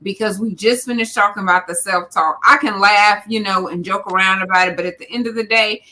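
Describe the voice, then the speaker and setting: Bright-voiced woman hosting casual chat. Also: medium pitch, steady tone, a little fast. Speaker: podcast host.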